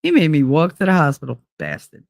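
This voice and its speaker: Animated woman telling stories, dry mic. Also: a little slow, no echo. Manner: animated, acts out quotes with big pitch jumps. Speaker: podcast host. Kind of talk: casual storytelling monologue.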